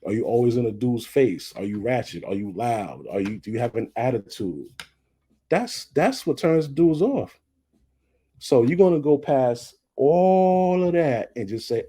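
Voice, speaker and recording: Blunt, husky-voiced man ranting casually. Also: mid-range voice, lively intonation, unhurried, dark tone. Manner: blunt, profane, worked up, repeats himself. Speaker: commentary vlogger. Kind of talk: casual commentary.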